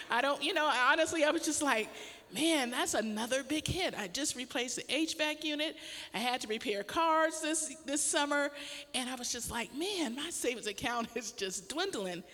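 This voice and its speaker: A woman's voice: a little high, normal speed, long reverb tail. A middle-aged woman pastor tells a personal story in a casual sermon, laughing often as she talks. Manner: animated storytelling with frequent laughter.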